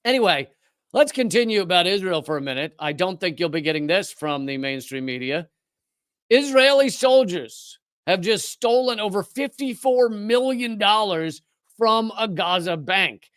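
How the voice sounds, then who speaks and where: High-voiced sarcastic male commentator. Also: animated, normal speed, fairly bright tone, dry recording, clean studio sound. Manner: sarcastic, emphatic, incredulous asides. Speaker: political commentary host. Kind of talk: live-stream political commentary.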